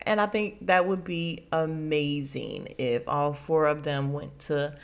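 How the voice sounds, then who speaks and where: Chatty woman recapping TV, lowish voice. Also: slow pace, creaky. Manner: chatty, laughs often, acts out quotes. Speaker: podcast host. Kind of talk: casual TV recap commentary.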